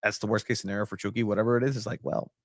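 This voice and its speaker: A man's voice: on the low side, little pitch movement, very fast, no room sound, clean studio sound. A young man co-hosting a casual sports podcast, rambling with lots of fillers and jokes. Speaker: podcast co-host and soccer reporter.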